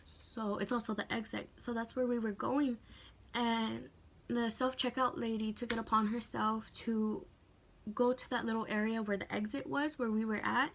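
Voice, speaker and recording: A woman's voice: fairly high pitch, moderate pace, vocal fry. A young woman in her late teens telling a personal story in a chatty, emotional way, full of "like.". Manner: chatty, heavy use of "like"; emotional, animated retelling. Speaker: vlogger. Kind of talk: casual story time.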